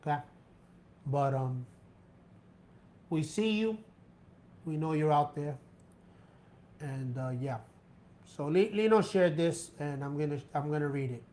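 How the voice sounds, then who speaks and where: A man hosting a casual live stream, loose and relaxed, reading a viewer's post aloud with emphasis. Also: fairly high pitch, unhurried, pauses often. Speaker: host.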